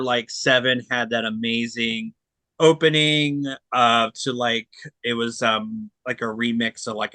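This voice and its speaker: Male podcast co-host, forceful bright tone, dry close sound; casual and blunt, rambles with fillers. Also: medium pitch, dry recording. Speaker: podcast co-host reviewing disc releases. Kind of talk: casual chat.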